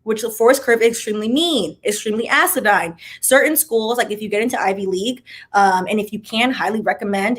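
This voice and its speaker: A young woman with a slightly high voice tells stories in a casual vlog. She talks in an animated, dramatic way, acting out the voices of the people in her story. She drops in chatty asides as she goes. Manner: animated, dramatic retelling with acted-out quotes; chatty asides, says "child" and "like" often. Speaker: vlogger.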